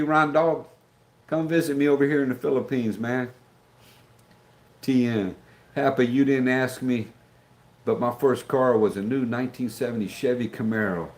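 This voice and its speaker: Older man, rambling live-stream chat, lots of fillers, mid-pitched voice. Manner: rambling, chatty, many fillers and restarts. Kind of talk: casual storytelling live stream.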